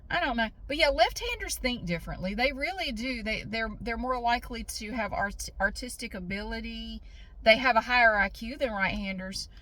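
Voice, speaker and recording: A middle-aged woman vlogger telling a story casually to the camera, lively, swearing and acting out what people said. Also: on the high side. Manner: animated, swearing, acts out quotes.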